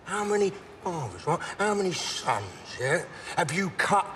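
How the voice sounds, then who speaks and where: An actor playing a volatile middle-aged London gangster with a London accent, rambling, swearing and breaking into shouts. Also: male voice, sits high, big pitch swings, unhurried, heavily acted. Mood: furious. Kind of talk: television drama acting. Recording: long reverb, faint background noise.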